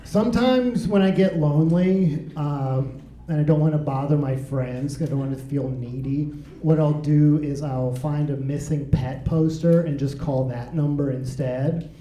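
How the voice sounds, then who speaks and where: A man's voice: fairly high pitch, unhurried, dark tone, roomy sound, rough recording. A man performing a stand-up comedy set in a club, wry and playful with absurd asides.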